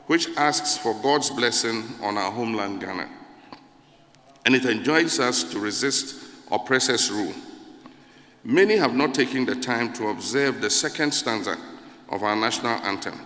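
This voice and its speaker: Man, formal speech, solemn and measured, bright voice, echoey hall. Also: medium pitch.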